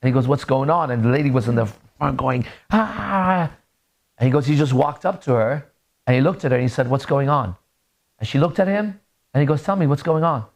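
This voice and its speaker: A man leading a class tells a story casually and swears freely. His voice sits at an ordinary middle pitch. He slips into the lines of the people in the story as he goes. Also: quick pace, vocal fry. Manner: profane, animated, acts out quoted dialogue. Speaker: dating coach leading a class. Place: room with a small group present.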